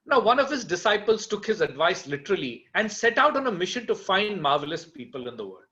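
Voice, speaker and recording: A man telling a folk tale aloud in an animated way, with playful asides to his listeners. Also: high-pitched, a little fast. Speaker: storyteller. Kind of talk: oral folk-tale storytelling. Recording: dull lo-fi recording.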